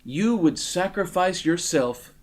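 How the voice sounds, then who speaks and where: A man voicing a smooth, scheming male world president in a comic audiobook reading, talking soothingly. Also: high-pitched, animated, slow pace. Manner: soothing, smooth, then loud rallying.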